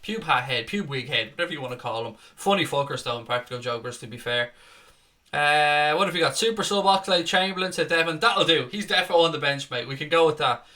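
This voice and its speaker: A man's voice: fairly high pitch, lively intonation, fast talker, sharp tone. A man hosting a casual live stream, chatting, swearing freely and reading out viewer comments.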